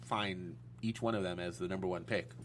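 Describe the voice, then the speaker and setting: Man, lowish voice, hesitant casual sports chat, faint hum in background. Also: steady tone, moderate pace. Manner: hesitant, searches for names with fillers. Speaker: podcast co-host.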